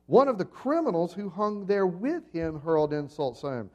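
A pastor preaching a sermon to his congregation, telling the story vividly, swinging between loud and soft, and asking the listeners questions. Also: high voice, big pitch swings, moderate pace, highs cut off. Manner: dramatic storytelling with swings in volume.

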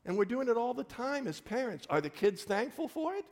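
Gravelly-voiced pastor in an echoing church. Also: male voice, very high voice, big pitch swings, brisk, a little mellow. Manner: vivid personal storytelling in short punchy phrases. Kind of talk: sermon.

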